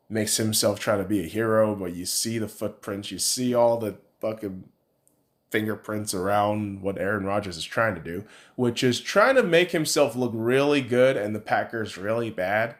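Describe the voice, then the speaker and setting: A man's voice: medium pitch, a bit bright. A man hosting a podcast, giving a casual sports opinion rant in a blunt, profane and rambling way. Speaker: podcast host.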